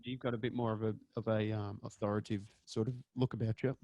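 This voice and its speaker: A man's voice: on the low side, level tone, quick pace, mellow. A young man co-hosting a podcast in casual chat, jokey and playful. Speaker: podcast co-host.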